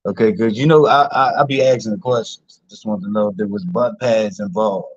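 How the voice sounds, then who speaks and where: A man's voice: lowish voice, brisk, slightly rough, no room sound, lo-fi sound. A man from Philadelphia hosting a casual stream, chatty, laughing often and full of fillers. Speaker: host. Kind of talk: casual live-stream chat.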